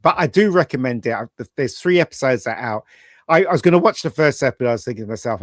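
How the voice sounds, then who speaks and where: Man, co-host, casual rambling chat, animated opinions, dry close mic. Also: mid-range voice, rapid-fire, dry recording.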